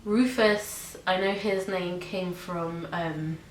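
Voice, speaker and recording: A woman's voice: fairly low pitch, steady tone, takes it slowly. A young woman from Britain or Ireland chatting casually about her pets in a home vlog, with lots of ums and likes. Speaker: vlogger. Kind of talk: casual pet tag video. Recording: echoey room with faint hiss.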